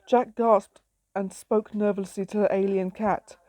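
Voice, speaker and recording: A woman's voice: medium pitch, little pitch movement, a little slow, mellow, dry recording. A woman reading her own story aloud in a plain, simple storytelling way.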